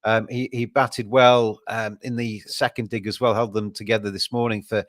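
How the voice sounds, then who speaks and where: A man hosting a podcast, talking in a measured way with frequent ums and restarts. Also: lowish voice, level tone, a bit bright, dry recording, clean studio sound. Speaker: podcast host. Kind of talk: casual podcast chat.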